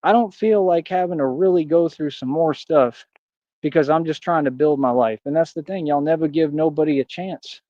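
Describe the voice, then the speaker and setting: A man's voice: a little high, moderate pace, warm tone, dry recording, dull audio. A man ranting casually on a livestream, rambling and aggrieved, slipping into preachy declarations. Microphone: streaming mic.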